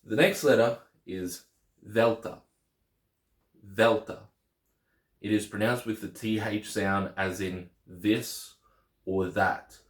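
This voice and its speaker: A man's voice: fairly low pitch, steady tone, takes it slowly, roomy sound. A man teaching the Greek alphabet in a casual lesson, patiently repeating each letter name.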